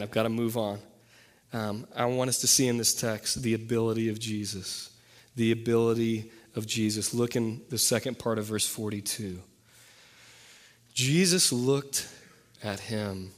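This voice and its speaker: A young man preaching a sermon as pastor, talking in a loose, conversational way with fillers and quick self-corrections. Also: medium pitch. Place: church sanctuary. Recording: long reverb from a hall.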